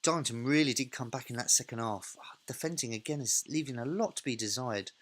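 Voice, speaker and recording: A man's voice: medium pitch, quick pace, a bit bright. A man hosting a let's play, thinking aloud in a casual, self-correcting way while he narrates a football management game.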